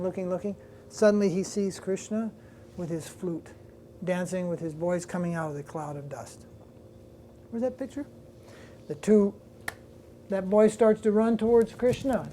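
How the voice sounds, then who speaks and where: A man's voice: high-pitched, darkish tone, a little hiss or hum. A man, a swami, giving a devotional class, retelling a story in a loose, conversational way with restarts and asides to his listeners. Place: lecture room with listeners.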